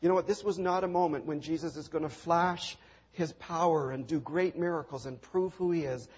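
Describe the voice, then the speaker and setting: A man's voice: on the high side, fairly even intonation, fairly quick, darkish tone, husky. A male preacher retelling a scripture story dramatically, with rhetorical questions and repeated refrains. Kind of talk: sermon. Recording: dull lo-fi recording.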